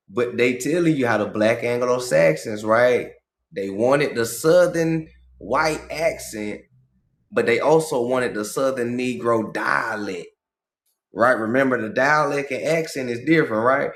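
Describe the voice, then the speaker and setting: A man hosting a livestream, reading a book aloud and breaking off into casual, slangy commentary and loud, high exclamations. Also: animated, unhurried. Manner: casual, slangy asides between read passages. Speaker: livestream host.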